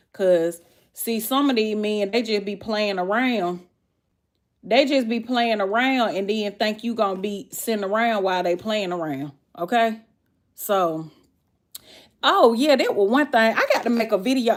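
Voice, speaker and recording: A woman's voice: a little high, unhurried. A woman with a Southern US accent, chatting casually on a livestream and answering viewers' comments. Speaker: livestream host.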